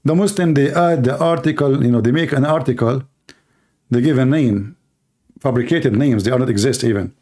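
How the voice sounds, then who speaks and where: The livestream host here is a man whose voice runs on the high side and is a little mellow. He addresses viewers in broken English with a sarcastic, mocking satirical monologue.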